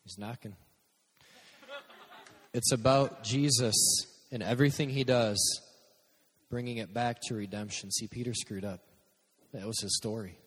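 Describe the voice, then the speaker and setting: A man's voice: mid-range voice, fairly even intonation, measured pace, long pauses, slight background noise. A man preaching a conversational sermon to young listeners, speaking directly to them. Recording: long hall reverb.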